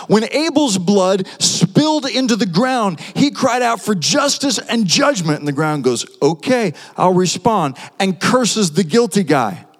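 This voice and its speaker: A male pastor preaching a sermon, animated, asking the audience rhetorical questions. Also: high-pitched. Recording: long hall reverb.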